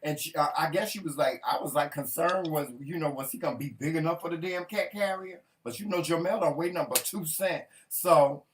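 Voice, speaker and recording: A man co-hosting a casual talk show, telling a story in an animated, profane way with lots of quoted speech. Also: fairly high pitch, fairly quick, hardly any pauses, a little hiss or hum.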